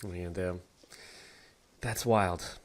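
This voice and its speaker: A man's voice: low-pitched, steady tone, normal speed. A young man in his twenties co-hosting a podcast, laid-back and profane, with lots of fillers. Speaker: podcast co-host. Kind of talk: casual podcast chat.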